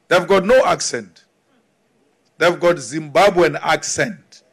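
A South African man speaks from the podium in a notably high register, pressing each point slowly and deliberately. He repeats phrases for emphasis, building an emphatic, insistent political address. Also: creaky, fairly bright tone. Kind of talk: political speech to an audience.

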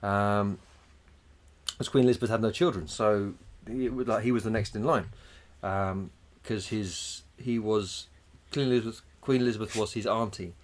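A man's voice: on the low side, fairly even intonation, normal speed. Rambling, swearing man. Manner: rambling, loose, swears casually. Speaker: podcast co-host. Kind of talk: casual boozy banter.

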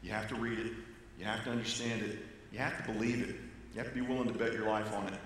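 A man, a pastor, preaching a sermon, earnest and varied, with loud stressed phrases that drop to quiet low ones. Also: steady tone, fast talker, a little hiss or hum. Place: church sanctuary. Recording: echoey church hall with long reverb.

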